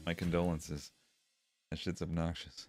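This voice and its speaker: Streamer, male, very low voice, wry and rambling, laughs a lot, faint music under. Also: steady tone, takes it slowly, darkish tone, no room sound. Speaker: streamer reading chat. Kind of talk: casual chat.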